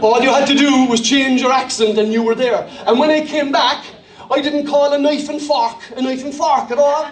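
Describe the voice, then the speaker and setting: Brief: high-pitched Cork-accented Irish male pastor, humorous sermon, echoey hall. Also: fairly even intonation, moderate pace. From Ireland. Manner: humorous, self-deprecating, storytelling. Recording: echoey church hall from a distance.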